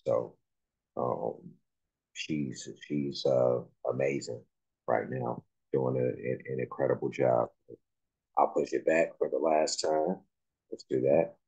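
A man hosting a music reaction video, talking slowly and haltingly with many fillers and restarts. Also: very deep voice, fairly even intonation, vocal fry, warm tone, slightly rough, muffled recording. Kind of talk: casual reaction commentary.

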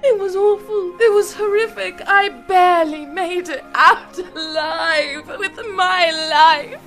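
A woman's voice: very high voice, takes it slowly, fairly bright tone, faint music behind, pitched above the performer's own voice, heavily acted. A woman voicing a theatrical female necromancer who plays the weeping damsel, melodramatic and flirtatious. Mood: melodramatic wailing.

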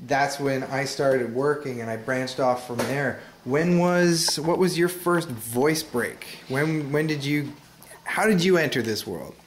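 A man hosting an interview, talking slowly and haltingly with many fillers and restarts. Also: medium pitch, roomy sound, slight background noise. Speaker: interviewer and voice actor. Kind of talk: casual interview chat.

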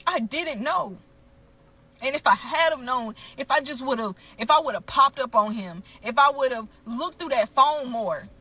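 A woman's voice: high voice, moderate pace, hardly any pauses, pushed and bright, husky. A woman telling her own story to camera, blunt and emphatic, often calling out to her viewers.

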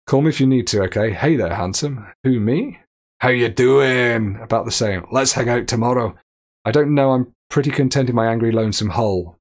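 A man's voice: medium pitch, a little fast. A man streaming a game, joking his way through it and reading texts and chat messages aloud. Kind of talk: gameplay commentary.

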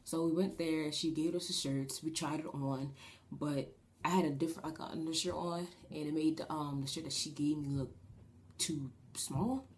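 A woman's voice: low voice, steady tone, moderate pace, darkish tone. A young woman with a New Jersey accent, telling a story in a casual vlog, rambling with lots of fillers and restarts. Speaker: vlogger.

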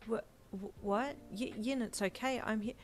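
A woman voicing a devoted young male hero from a romance story, speaking with anxious tenderness. Her tone stays fairly low and everyday, with little disguise, pleading softly and urgently. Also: a little fast, a little hiss or hum, close to an everyday voice. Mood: anxious tender. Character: adult male hero, earnest and protective.

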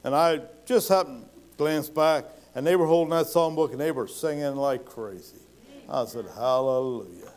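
A man's voice: fairly high pitch, moderate pace, darkish tone. A male pastor telling stories in a folksy sermon style, acting out the people he quotes. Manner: folksy, acts out quoted voices with rising intensity. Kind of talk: sermon storytelling.

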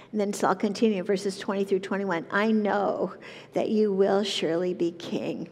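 A woman teaching a Bible lesson, reading scripture and then explaining it in an earnest, measured voice. Her pitch sits in the middle for a woman. A long reverb trails each phrase, as in a hall. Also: a little mellow. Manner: earnest, measured, slows down when reading verses.

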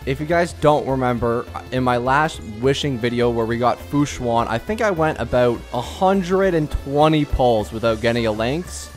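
Excitable young man pleading with a game. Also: medium pitch, moderate pace, hardly any pauses, soft background music. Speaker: gaming YouTuber. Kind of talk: casual gacha-pull commentary.

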